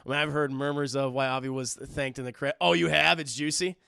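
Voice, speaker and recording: Hosting a livestream, a man swears freely as he chats casually and animatedly with his viewers, firing off quick asides to chat. His mid-range voice is creaky yet smooth, with studio quality and no room sound.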